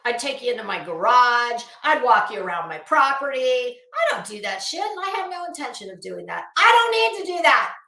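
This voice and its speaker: A middle-aged woman vents in a casual, profane commentary, her tone sharp with sarcasm. Her voice is bright and sits a little high. The room adds a noticeable echo to every line. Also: very animated, normal speed, few pauses. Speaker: YouTube commentator. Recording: roomy echo.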